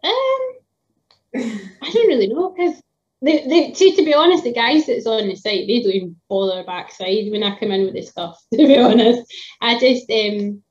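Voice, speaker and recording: Lady tradie chatting on a video call, kinda high voice, muffled sound. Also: animated, normal speed. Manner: chatty, laughs often, many fillers. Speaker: tradeswoman guest. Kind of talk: casual video call chat.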